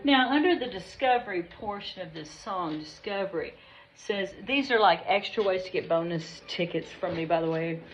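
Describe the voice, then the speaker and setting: A woman's voice: on the low side, expressive, moderate pace, low-quality recording. A woman piano teacher giving a patient, chatty recorded lesson, singing the note names along as she plays. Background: piano playing.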